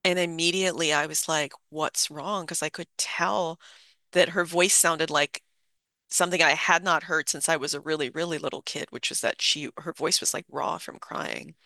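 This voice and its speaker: An adult in their fifties telling a personal memory in a halting, reflective way, full of fillers and restarts. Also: mid-range voice, steady tone, sharp tone, no echo. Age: 50s.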